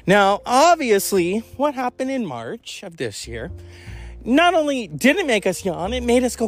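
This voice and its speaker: A man's voice: very high voice, huge pitch swings, measured pace, faint music behind. A man hosting a podcast in a rambling, candid, profane monologue, sighing and yawning as he goes. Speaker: podcast host. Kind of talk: casual monologue.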